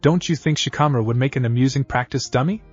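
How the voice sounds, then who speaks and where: A man's voice: mid-range voice, fast talker, lightly acted. A man voicing a shy but sly teenage girl ninja with a syrupy sweet tone, muffled, faint music.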